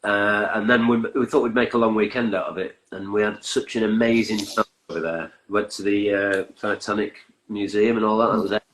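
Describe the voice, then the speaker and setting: A man, a musician chatting as a guest in a relaxed way with dry humour. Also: lowish voice, a little fast, few pauses, low-quality recording. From England, Stockport and York. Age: 50s. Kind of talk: casual interview chat.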